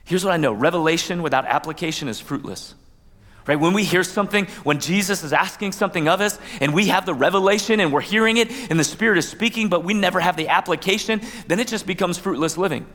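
A man's voice: high voice, quick pace, fairly bright tone. A man pastor giving a conversational sermon, with asides and playful quoted voices. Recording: long hall reverb.

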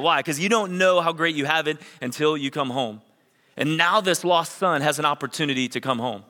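Middle-aged pastor guy preaching, chatty stories that get fired up, bright tense voice, big hall echo. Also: on the high side, fairly quick. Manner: conversational storytelling, building to energetic emphasis. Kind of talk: sermon.

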